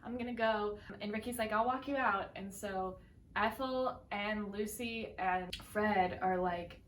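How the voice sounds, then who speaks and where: Her voice is mid-range and fairly bright, with a steady tone and measured pace. This young woman co-hosts a laid-back podcast chat, walking through a sitcom episode and performing characters' dialogue in put-on voices. The recording is echoey and distant from the mic, with faint noise.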